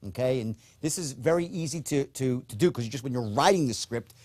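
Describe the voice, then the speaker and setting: A man lectures on sales technique in a recorded course. His delivery is emphatic and direct, with a mid-range voice. He often pauses to check in with a quick "okay?" before pushing on. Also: medium pitch, darkish tone. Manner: acts out upbeat and dull tones in demonstrations. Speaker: sales trainer.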